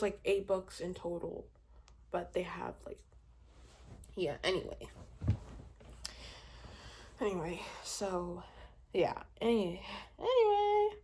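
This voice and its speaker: Young woman book vlogger, unhurried, rambling, laughs often, easily exasperated. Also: fairly low pitch, a little mellow. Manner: rambling, many fillers and laughs. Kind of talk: casual reading wrap-up chat.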